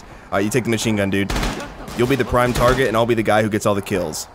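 A young man doing casual, excitable gameplay commentary, rambling, swearing and laughing between remarks. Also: on the low side, fast talker. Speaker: gaming commentator. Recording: noisy with game gunfire behind. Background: gunfire and artillery from the game.

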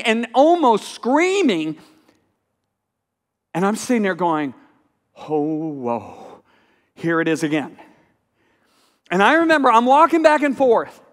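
High-voiced preacher in a reverberant chapel. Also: male voice. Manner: storytelling, dramatic hushed asides and sudden loud exclamations. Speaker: pastor. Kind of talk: sermon. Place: college chapel.

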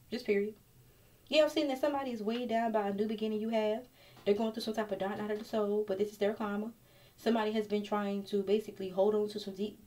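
A woman's voice: medium pitch, a little mellow. A woman reading tarot cards straight to the viewer in a casual, blunt and profane way. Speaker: tarot reader.

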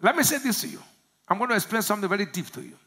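A pastor from Nigeria preaching a sermon, asking the congregation to finish his lines and swinging from low murmurs to loud shouts. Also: very animated, rapid-fire, heavy background noise. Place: church service.

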